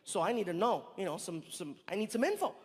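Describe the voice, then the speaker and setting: A male stand-up comedian with a notably high speaking voice tells an animated story live on stage. His stage mic catches the long reverb of the venue. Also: fast talker, slightly rough. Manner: animated storytelling with acted-out dialogue.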